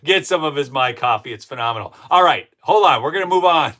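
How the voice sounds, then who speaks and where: A man's voice: fairly high pitch, lively intonation, quick pace, bright, forceful tone. A man hosting a live-streamed political commentary show, heated and indignant, talking straight to his chat.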